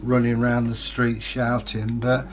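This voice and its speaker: A man's voice: medium pitch, completely flat delivery, measured pace. A man, co-hosting a casual chat and telling easygoing, rambling stories. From England. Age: 60s. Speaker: co-host reading viewer comments.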